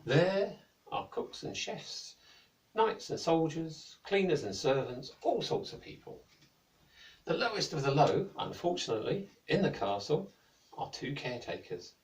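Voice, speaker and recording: A British man narrating a children's story in a gentle, playful, lilting way. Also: fairly high pitch, big pitch swings, measured pace. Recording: echoey room, mic at a distance.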